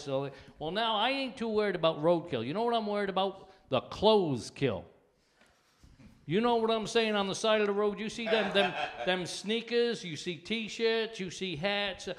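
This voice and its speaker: A man hosting a comedy night on a studio stage, chatting in a folksy, rambling way. He stumbles and restarts as he tells his observations. His voice sits a little high. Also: normal speed, few pauses. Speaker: comedy show host. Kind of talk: casual stage banter. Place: studio stage with live audience.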